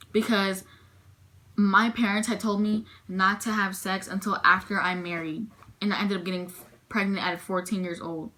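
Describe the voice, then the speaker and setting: Bright-voiced young woman telling her story. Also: fairly low pitch, level tone, a little fast. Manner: emotional retelling, frequent "I'm like" quotes. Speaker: vlogger. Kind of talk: personal storytime vlog.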